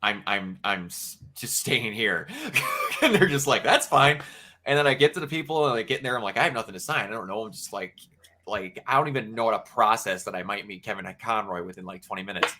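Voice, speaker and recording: Bright-voiced man telling a heartfelt story. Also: fairly low pitch, brisk. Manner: emotional, animated storytelling. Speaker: podcast co-host. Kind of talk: casual chat.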